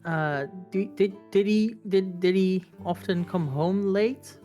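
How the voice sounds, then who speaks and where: A woman playing a tabletop game, polite and halting when she talks in character. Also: mid-range voice, warm tone, faint music behind. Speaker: player.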